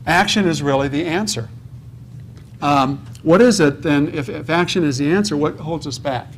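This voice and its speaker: In a conference hall, a man with a slightly high voice gives a preachy motivational seminar talk on real estate, asking the audience questions, answering them himself and frequently checking in with "okay?" He talks at normal speed, with slight background noise.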